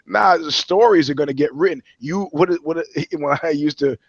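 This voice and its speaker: A man's voice: on the high side, normal speed, dry recording, highs cut off. A man who works as a journalist, co-hosting a podcast chat and telling stories bluntly and with plenty of swearing. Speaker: journalist and co-host.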